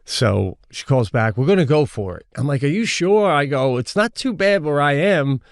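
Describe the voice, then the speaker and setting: A man co-hosting a comedy podcast, telling a long story in a lively way, jumping into high-pitched voices when he quotes others and swearing casually. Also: normal speed, no room sound, studio quality. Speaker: podcast co-host.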